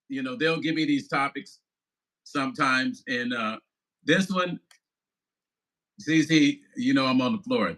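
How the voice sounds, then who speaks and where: A man's voice: medium pitch, bright, forceful tone, low-quality recording. A man in his fifties, a musician vlogger, chatting casually on a livestream, laughing and swearing loosely as he talks to viewers. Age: 50s.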